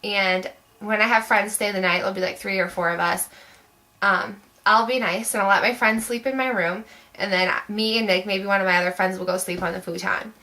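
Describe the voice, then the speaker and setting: A woman's voice: mid-range voice, fairly even intonation, moderate pace, sharp tone, poor audio. A young woman vlogger telling a story to camera in a chatty, rambling way, full of "like" fillers.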